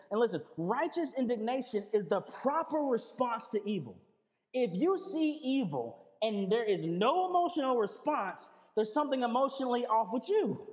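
High-voiced conversational male preacher. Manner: conversational, repeats words, calls on listeners with 'listen'. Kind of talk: sermon. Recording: long reverb, dull lo-fi sound.

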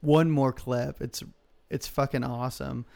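A man's voice: mid-range voice, steady tone, unhurried, creaky, very noisy. A man hosting a podcast in casual, crude, enthusiastic chat, swearing often. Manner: profane, laughing, enthusiastic. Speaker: podcast host.

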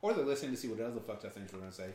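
Lively joking male podcast host. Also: fairly low pitch, racing. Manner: lively, joking, laughs often. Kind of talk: casual podcast banter. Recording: roomy echo, faint noise.

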